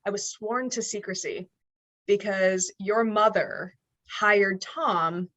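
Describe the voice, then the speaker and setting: A young woman from the US Northeast, a podcast guest telling a story in an animated way and acting out the quoted dialogue. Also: mid-range voice, slow. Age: young adult. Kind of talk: storytelling in an interview.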